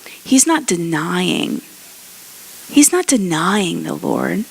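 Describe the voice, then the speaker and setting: A woman's voice: fairly low pitch, very animated, takes it slowly, gravelly, breathy edge. A woman pastor preaching a conversational sermon, often acting out the people in the story. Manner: conversational preaching, acts out characters' voices.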